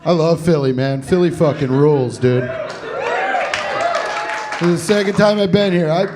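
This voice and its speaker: A man's voice: fairly high pitch, normal speed. A man from Cincinnati doing stand-up crowd work, brash and profane as he teases the audience in a comedy club. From Cincinnati, Ohio. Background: audience laughter.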